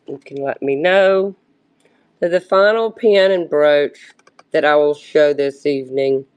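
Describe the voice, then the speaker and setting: Casual live seller, a woman with a slow, meandering pitch who loses her train of thought and restarts. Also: a little mellow, dull audio. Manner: halting, searches for words and restarts. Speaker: live-stream vintage jewelry seller.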